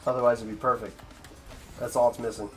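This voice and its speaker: Male streamer, mid-pitched, casual offhand chatter to chat, heavy profanity, faint game music under. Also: flat delivery, fast talker. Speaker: streamer, speedrunner. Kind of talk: casual chat with stream viewers while gaming.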